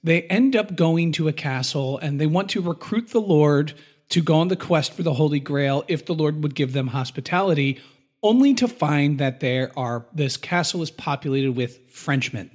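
Male podcast co-host, slightly high voice, easygoing explainer of history. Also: expressive, normal speed, a little mellow. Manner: explanatory, acts out voices in quotes. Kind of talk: casual history podcast chat.

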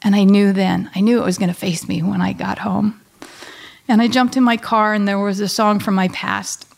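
Gravelly middle-aged woman telling a grief story. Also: mid-range voice, fairly even intonation. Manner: halting and heartfelt, with many pauses and restarts. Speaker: guest, a bereaved mother. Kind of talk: emotional personal storytelling.

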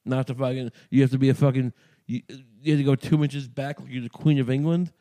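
In a warm, steady, mid-range voice, a New York podcast host talks fast. The monologue is a casual, profane, sardonic rant that rambles and keeps restarting.

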